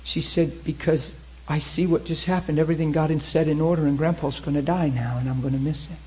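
A man preaching a sermon, telling a story with lively acted-out quotes. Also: on the high side, brisk. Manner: animated, acts out quoted voices. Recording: muffled lo-fi sermon recording.

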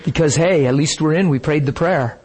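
A man's voice: a little high, a little fast, darkish tone. A middle-aged man preaching a sermon, telling stories in an emotional, emphatic way.

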